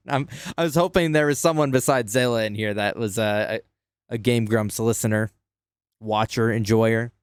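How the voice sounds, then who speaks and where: A man's voice: mid-range voice, moderate pace, clear, resonant tone, no room sound, clean studio sound. A man streaming a video game, chatting casually with viewers. He giggles often and pokes fun at himself. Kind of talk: casual gameplay commentary.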